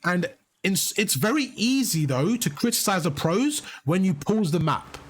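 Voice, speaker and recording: Guiding a player through a game live, a coach speaks in a high, husky voice that's animated but unhurried. He offers steady encouragement, explains step by step, and tends to repeat himself.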